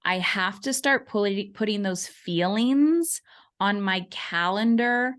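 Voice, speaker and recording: Woman in her forties, podcast guest, lively storyteller who acts out quoted voices. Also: mid-range voice, takes it slowly. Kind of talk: conversational interview.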